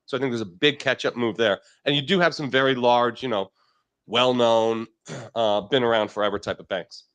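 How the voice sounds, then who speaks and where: A man co-hosting a casual market chat, explaining stock charts in a relaxed way. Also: medium pitch, normal speed. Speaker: market show co-host.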